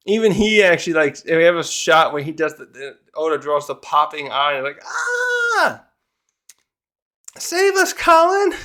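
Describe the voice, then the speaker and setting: A man with a fairly high voice, talking through a comic chapter in a loose, rambling way. He restarts his sentences often and jumps into bits of character voices as he goes. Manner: rambling, full of restarts and fillers; animated, acts out characters' lines. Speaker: manga reviewer. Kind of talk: casual chapter review.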